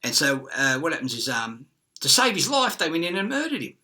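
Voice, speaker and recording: Ranting Australian man with a bright, cutting voice, swearing through a rambling monologue. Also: fairly high pitch, big pitch swings, fairly quick. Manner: agitated, profane, conspiratorial ranting.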